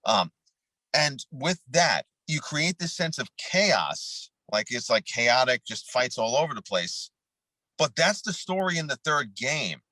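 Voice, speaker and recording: A man who grew up in New York, talking in a steady middle register as a podcast co-host. He rants bluntly and swears freely. The sound is dry and close, with no room around it. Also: mid-range voice, a little slow, no echo, low-quality recording. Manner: blunt, profane, rants with film and game detail. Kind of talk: casual chat.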